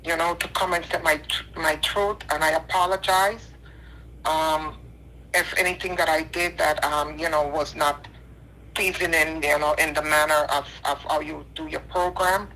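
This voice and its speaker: Over the phone, a crying woman offers a heartfelt apology in a deep, sharp voice that holds a steady tone at normal speed. Her delivery is earnest and repetitive, with a preacherly ring.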